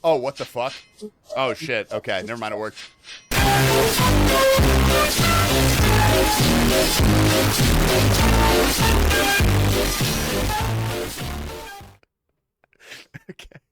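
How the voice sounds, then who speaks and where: A man's voice: medium pitch, fairly quick, loud music behind the voice. A man streaming a game, joking with chat in a loose, profane, laughing ramble. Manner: joking, rambling, swears often, laughs a lot. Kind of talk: casual livestream chat.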